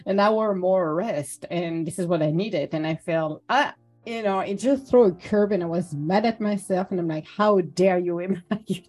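A woman co-hosting a relaxed podcast chat with a husky, slightly breathy, fairly low voice. She talks candidly and pokes fun at herself, breaking into laughter as she goes. Faint music sits underneath. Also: moderate pace. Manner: candid, self-mocking, laughs often. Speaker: podcast co-host.

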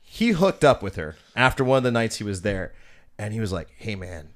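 A man's voice: fairly low pitch, big pitch swings, fairly quick. A man hosting a podcast, telling profane, rambling stories full of fillers in a casual chat. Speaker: podcast host.

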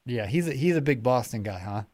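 A man's voice: medium pitch, lively intonation, a little fast, darkish tone, no echo. A man hosting a podcast, chatting casually in a rambling way with many restarts. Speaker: podcast host. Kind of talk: casual interview chat.

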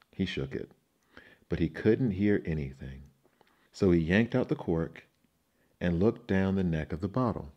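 A man narrating storybook fairy tales in a steady scripted reading. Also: low-pitched. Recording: dull lo-fi recording.

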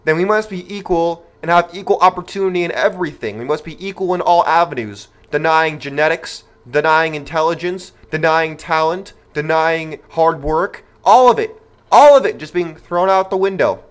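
A man's voice: on the high side, normal speed, smooth. A man hosting a podcast, delivering an opinionated monologue in an emphatic, rhetorical manner and speaking straight to his listeners. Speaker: podcast host.

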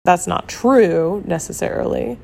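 A woman hosting a casual solo podcast, her voice hoarse and rough after losing it, talking candidly with swearing and lots of fillers. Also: on the low side, a little slow, a little mellow. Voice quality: rough, gravelly. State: hoarse from a lost voice. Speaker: podcast host.

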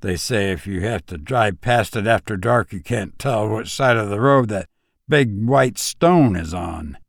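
Male narrator doing a superstitious old countryman; folksy drawl, gravelly, dry. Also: lowish voice, animated, measured pace, no room sound. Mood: excited. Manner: folksy country dialect, quavering. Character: old rural man, superstitious and excitable.

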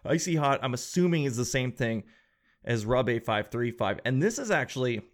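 A man's voice: mid-range voice, expressive, normal speed. A man hosting a casual comedic monologue, rambling and sarcastic, swearing freely.

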